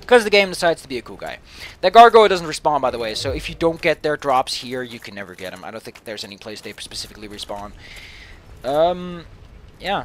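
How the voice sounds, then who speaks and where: A man's voice: mid-range voice, sing-song, a little fast, slight background noise. A man giving casual, profane, rambling commentary over a video game. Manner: rambling, profane, self-mocking. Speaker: gaming commentator.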